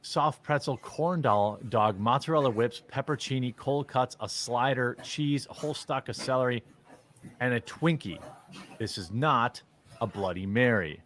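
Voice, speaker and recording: A man's voice: mid-range voice, a little slow, a bit bright, a little hiss or hum. A man giving casual commentary as a streamer, blunt and opinionated in a mock-serious way.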